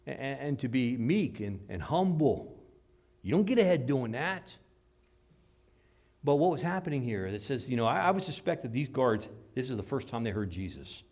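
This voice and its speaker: A man's voice: mid-range voice, expressive, normal speed, a little mellow. A man preaching a sermon in an emphatic, dramatic way, acting out the voices he quotes.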